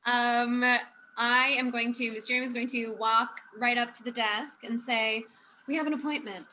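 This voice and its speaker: A woman's voice: fairly high pitch, monotone, moderate pace, sharp tone, a little hiss or hum, poor audio. A woman playing a tabletop game, casual, playful and blunt. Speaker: player.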